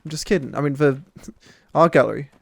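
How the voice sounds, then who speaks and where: A man's voice: fairly high pitch, fairly quick, creaky, no room sound. A man hosting gameplay commentary with friends, joking and rambling through explanations. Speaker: gaming channel host.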